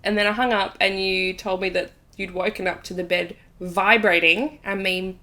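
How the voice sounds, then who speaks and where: A woman's voice: mid-range voice, fairly even intonation, normal speed, bright, forceful tone. A woman hosting a podcast, chatting casually and telling a story with lots of fillers. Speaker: podcast host. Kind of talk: casual chat.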